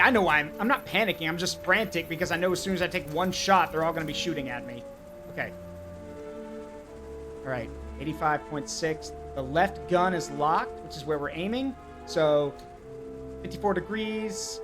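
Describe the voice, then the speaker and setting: A man's voice: on the high side, moderate pace, over music, poor audio. A man streaming live gameplay, talking himself through each step and getting frantic and swearing under pressure.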